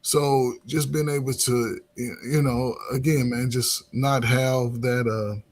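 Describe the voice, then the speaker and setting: A man's voice: medium pitch, fairly even intonation, takes it slowly. A middle-aged man, a coach and former teacher, talking loosely in casual conversation with lots of restarts and filler words.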